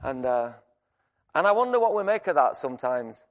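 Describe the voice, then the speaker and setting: A man preaching a sermon, telling a personal story in a conversational, animated way with many restarts. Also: mid-range voice, fairly quick, highs cut off. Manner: shouts to act out screaming.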